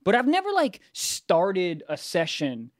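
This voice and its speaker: A young man co-hosting a casual comedy chat, telling crude jokes in an animated way. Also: high-pitched, a little slow, no echo, clean studio sound. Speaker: podcast co-host.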